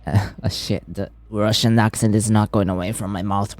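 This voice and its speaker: A man's voice: fairly low pitch, little pitch movement, moderate pace, darkish tone, dry recording, faint music behind. A man streaming a game, reading its dialogue aloud with playful asides. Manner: reads lines aloud with playful asides and frequent laughter.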